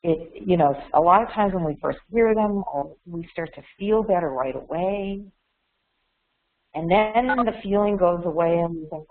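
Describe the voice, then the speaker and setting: A woman's voice: lowish voice, moderate pace. A woman talks openly and reflectively to a webinar group, often doubling back on her words. Her voice comes through a thin, phone-like line. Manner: candid, repeats words and restarts often. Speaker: webinar speaker.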